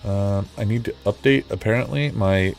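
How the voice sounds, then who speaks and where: A man's voice: fairly low pitch, normal speed, creaky, soft background music. A man streaming casually, rambling and frustrated, mocking himself as he chats with viewers. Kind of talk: casual live-stream chat.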